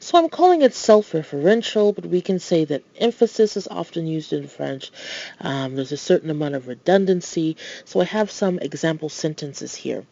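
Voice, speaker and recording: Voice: medium pitch, animated, normal speed, vocal fry, warm tone, muffled recording. A language tutor giving a recorded lesson, explaining patiently with playful asides and reading French example phrases.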